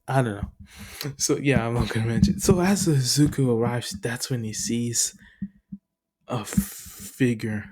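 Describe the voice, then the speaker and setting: A young man rambles through a fan story retelling, full of fillers and little chuckles. He talks at an unhurried pace, his pitch ordinary and middle. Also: a little mellow.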